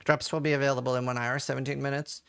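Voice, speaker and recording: A man's voice: medium pitch, level tone, fast talker, vocal fry, fairly bright tone, clean tone. A man from Norway, a game streamer, chatting casually and reading his chat aloud with offhand swearing.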